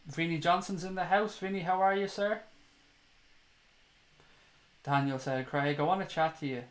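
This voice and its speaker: A man from Dublin with an Irish accent, hosting a live fan chat stream, talking straight to viewers, opinionated and swearing freely. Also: medium pitch. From Ireland (Dublin). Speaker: fan channel host.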